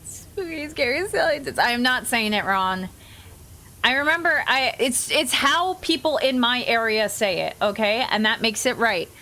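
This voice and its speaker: Bright, giggly American woman streamer. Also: a little high, animated, normal speed. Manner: chatty and giggly, full of "like" fillers. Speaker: game streamer. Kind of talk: casual live-stream chat.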